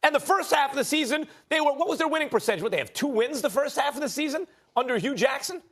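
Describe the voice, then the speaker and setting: A man making rapid-fire, argumentative rebuttals as a host on a televised sports debate show. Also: very high-pitched, lively intonation, a bit bright. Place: TV studio.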